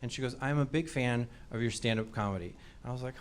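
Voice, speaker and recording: A man's voice: medium pitch, fast. A man in his forties performing a stand-up comedy set on stage, with a sheepish, self-mocking delivery and acted-out quotes. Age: 40s. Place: comedy stage before a live audience. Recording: live crowd laughter, loud background noise.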